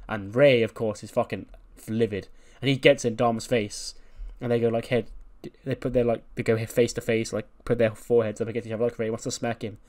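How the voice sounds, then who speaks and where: Casual male game host, chatty and relaxed, mid-pitched voice. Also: fairly quick. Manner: laid-back, chatty, slightly profane. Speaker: game let's-play host. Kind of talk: casual storytelling of a wrestling sim.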